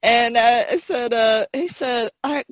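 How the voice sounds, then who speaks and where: A woman from Arkansas in casual podcast chat, joking and animated, with many fillers. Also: on the high side, unhurried, dry recording.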